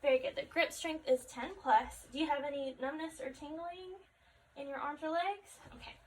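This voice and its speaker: A woman conducting a step-by-step health assessment, calmly asking questions and repeating the answers back. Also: high-pitched, normal speed. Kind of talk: clinical health assessment demonstration. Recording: distant mic with faint background noise.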